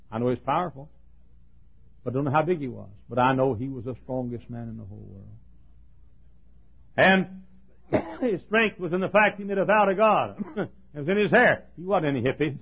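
A man with a husky, mid-range voice and some vocal fry preaches a sermon, spinning folksy, joking stories while he chuckles and coughs along the way. It sounds like a tinny, phone-quality sermon tape.

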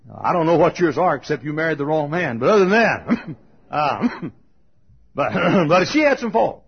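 In a dull, lo-fi recording, a man delivers a fiery funeral sermon, lurching between shouted high cries and hushed low tones and laughing between phrases. His delivery is sing-song and slightly rough, at a normal speed.

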